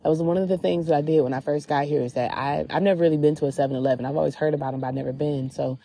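Recording outdoors at a beach with slight background noise, a podcast host with a low, mellow voice works through a casual spiritual reflection. She talks very fast in a steady tone, candid and chatty, her sentences packed with "like."

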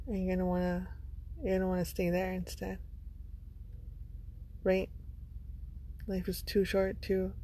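A woman's voice: on the low side, dark tone, slight background noise. A woman vlogger giving a motivational monologue, earnest and blunt, with some swearing. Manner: earnest, blunt, sprinkled with profanity.

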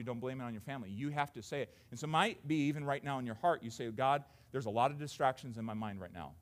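A man, a father of young children, preaching a sermon in a conversational way, often repeating words and swinging between hushed and raised delivery. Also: mid-range voice.

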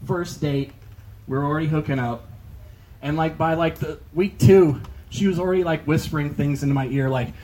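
A man's voice: a little high, normal speed, dark tone, a little hiss or hum, rough recording. A young man doing a stand-up comedy set on a club stage, rambling with lots of filler words. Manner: rambling, filler-heavy delivery with many "like"s.

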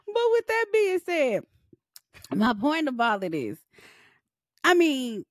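A young woman co-hosting a podcast, with a high voice that leaps around as she rants. She roasts people with nonstop profanity and laughter. Her voice sounds close and dry. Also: huge pitch swings, slow pace, no room sound. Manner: loud, profane, joking and ranting. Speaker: podcast co-host. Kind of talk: casual chat.

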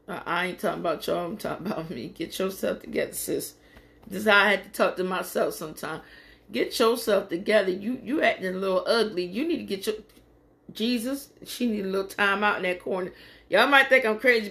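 A woman's voice: mid-range voice, a bit bright. A woman preaching an informal podcast sermon, reading scripture and talking straight to her listeners in a folksy, encouraging way.

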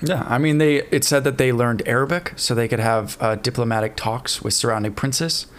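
Casual male podcast co-host, mid pitch, easygoing storyteller. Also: normal speed, a little hiss or hum. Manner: relaxed storytelling with fillers and laughs. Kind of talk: casual history chat.

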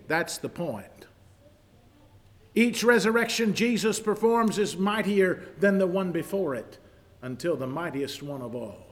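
A man preaching a sermon, swinging from hushed, slow lines to loud, rising declarations. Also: sits high, expressive. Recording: long hall reverb.

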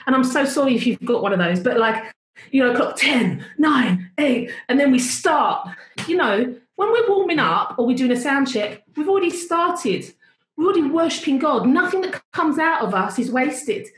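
A woman's voice: high voice, normal speed. Chatty woman telling a story in an echoey room. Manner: chatty, animated, self-interrupting. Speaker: worship leader. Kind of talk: casual storytelling on a video call. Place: at home.

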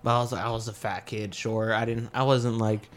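A young man who works as a comedian, telling casual stories full of swearing and jumping into higher voices when he quotes other people. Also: normal speed. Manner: animated, jumps into high-pitched voices for quoted people; swears freely, laughs mid-story. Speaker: comedian guest. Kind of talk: casual storytelling chat.

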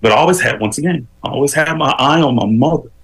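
A man, a guest on an interview show, telling his life story with animated, preacherly emphasis that climbs as he builds a point. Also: medium pitch, quick pace, poor audio.

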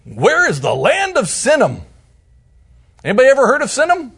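High-voiced man teaching the Bible. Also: wildly swooping pitch, moderate pace, vocal fry, husky. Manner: conversational, drops to a soft hush for emphasis.

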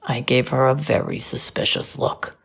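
A woman narrating a children's storybook from a dog's point of view, gentle and expressive, rising high when surprised. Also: moderate pace, creaky, breathy edge.

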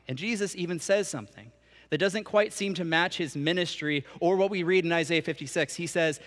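A man's voice: a little high, a little fast, a bit bright. A young man preaching a sermon as a church minister, mixing scripture with casual, conversational asides. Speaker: canon for student ministry, preacher. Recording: long reverb of a church hall.

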